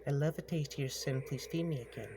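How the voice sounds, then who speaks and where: A man's voice: a little high, fast talker, noisy background, pitched above the performer's own voice, close to an everyday voice. Man putting on a whispering creepy little old witch.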